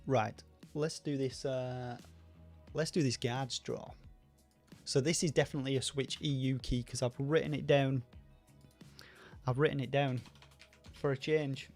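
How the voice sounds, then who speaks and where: A man with a softened Rochdale accent from Greater Manchester, chatting on a livestream as host and answering viewer questions, rambling with many fillers and restarts. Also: medium pitch, steady tone, unhurried, pauses often, soft background music. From Northern England. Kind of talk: casual livestream chat.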